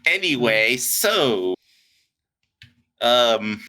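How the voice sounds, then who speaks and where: A man co-hosting a podcast in loose, casual chat. His voice is bright and forward, and he jokes crudely with lots of fillers. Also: mid-range voice, very animated, extremely slow. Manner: crude, joking, full of fillers. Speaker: podcast co-host.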